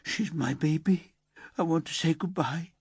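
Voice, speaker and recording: A man puts on a heartbroken mother for a crime audiobook. She pleads through tears, her voice lifted high above his own natural register. The recording is dry and close. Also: measured pace, vocal fry, breathy edge, no echo. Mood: anguished pleading. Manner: tearful, pleading. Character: grieving mother, middle-aged woman, distraught.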